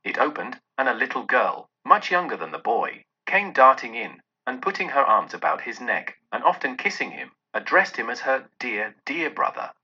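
A man's voice: mid-range voice, moderate pace, hardly any pauses, breathy edge. A man expressively narrating a classic novel aloud. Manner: expressive storytelling. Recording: dull lo-fi audio.

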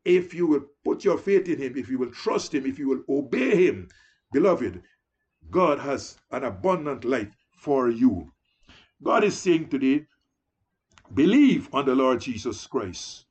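Male preacher, high husky voice, pleading sermon delivery. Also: darkish tone. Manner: pleading, repeats "beloved" often. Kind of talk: evangelistic sermon.

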